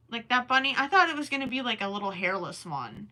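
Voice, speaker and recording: A woman's voice: on the high side, sing-song, quick pace, few pauses, bright, forceful tone. A young woman chatting casually on a crochet livestream, reading and answering viewers as she works. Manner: chatty and distracted, often stops to count stitches under her breath.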